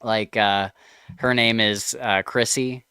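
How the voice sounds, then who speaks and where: Male podcast co-host, chatty and reactive, crystal-clear tone, dry close-miked sound. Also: fairly low pitch, fairly even intonation, pushed and bright, no room sound. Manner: chatty, reacts with laughter and quick comments. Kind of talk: casual chat, reading out online posts.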